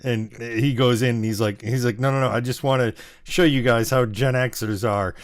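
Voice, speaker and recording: A man's voice: mid-range voice, fairly even intonation, normal speed, no echo, clean studio sound. A man in his forties co-hosting a podcast, telling stories with lots of swearing and laughter. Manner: laughing, profane storytelling. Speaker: podcast co-host. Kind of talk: casual chat.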